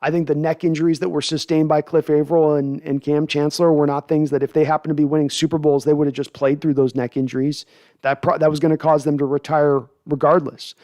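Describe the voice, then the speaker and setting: A man with a somewhat high-pitched voice hosts a podcast, reading out viewer comments and answering them in a loose, casual way. He rambles, restarting his sentences often. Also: level tone, fast talker, warm tone. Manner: rambling, with frequent restarts and fillers. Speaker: podcast host.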